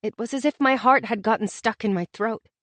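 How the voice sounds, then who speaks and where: A woman narrating a romance audiobook in the first person, expressive and intimate in her storytelling. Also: on the high side, a little fast, dry recording.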